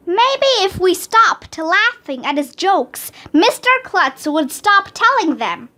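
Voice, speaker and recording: A very high, bright voice reading a children's chapter book aloud. The reading is careful and slow, with each sentence spaced out. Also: big pitch swings. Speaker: read-aloud narrator.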